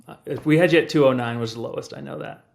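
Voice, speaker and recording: A man's voice: mid-range voice, rapid-fire, vocal fry. Easygoing male trainer in conversation. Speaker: personal trainer, guest. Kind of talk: casual chat.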